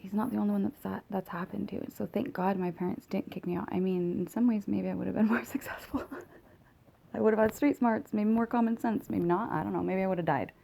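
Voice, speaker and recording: Gravelly-voiced woman rambling candidly. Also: medium pitch, dark tone, a little hiss or hum, poor audio. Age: late 30s. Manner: rambling, profane, candid, self-mocking. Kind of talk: confessional vlog monologue. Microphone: phone.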